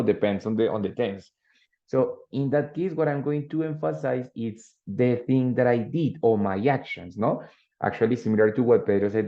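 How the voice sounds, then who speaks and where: A man teaching an English grammar lesson, explaining patiently and checking in with students with "no?" and "ready?". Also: medium pitch. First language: Spanish. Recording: dull lo-fi sound.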